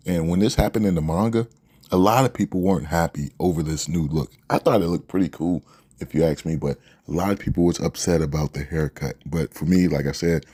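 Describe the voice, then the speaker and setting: A man's voice: low voice, fairly even intonation, a little fast, mellow, breathy edge. A young man casually talking through his reaction to an anime episode, laid-back and slangy, throwing in "yo" and "man". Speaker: anime reaction channel host.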